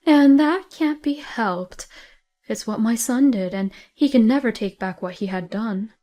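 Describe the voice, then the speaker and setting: A woman voicing a stern, outraged older mother-in-law who scolds firmly and deliberately. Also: high-pitched, animated, darkish tone. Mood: sad.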